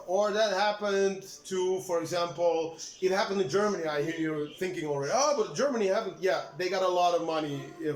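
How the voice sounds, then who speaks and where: A man ranting casually to the camera like a political commentator, cursing and restarting his sentences with many fillers. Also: high-pitched. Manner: profane, heated, trailing restarts and fillers. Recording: echoey room with faint background noise.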